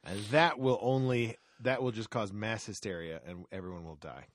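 A man's voice: lowish voice, normal speed, no room sound, clean studio sound. A man in profane casual banter as podcast co-host, spinning theories with conspiratorial relish.

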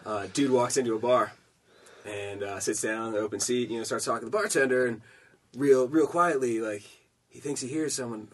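A man's voice: mid-range voice, a little fast. A man casually telling long jokes on a podcast, rambling with fillers and acting out the characters. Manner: rambling storyteller full of fillers, voices characters. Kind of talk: casual joke-telling chat.

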